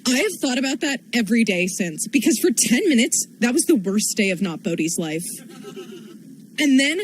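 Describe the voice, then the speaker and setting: A woman's voice: on the high side, very animated, normal speed, a little hiss or hum, rough recording. A young woman telling a stand-up story in a chatty, rambling way, full of "like". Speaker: stand-up comedian.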